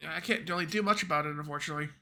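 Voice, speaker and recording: A man's voice: on the high side, racing, pushed and bright. A man streaming a video game live, chatting offhand with a congested, nasal voice. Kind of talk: casual live gameplay commentary.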